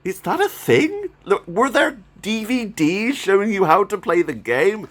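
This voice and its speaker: A gaming YouTuber shows off a haul of games in a casual, chatty vlog, sounding enthusiastic and laughing often. His voice is high-pitched, sing-song and fairly bright, at a measured pace.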